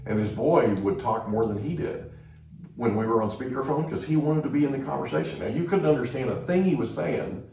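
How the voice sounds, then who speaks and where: A man's voice: medium pitch, brisk, mellow, very echoey, distant mic, slight background noise, poor audio. A male podcast host telling anecdotes in a casual chat, often checking in with the listener by asking "right?".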